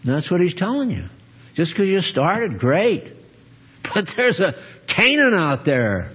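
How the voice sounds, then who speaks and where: Slow, husky male preacher with a lively pitch on a dull lo-fi recording, quizzing his congregation mid-sermon. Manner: questions his listeners often. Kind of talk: sermon-style Bible teaching.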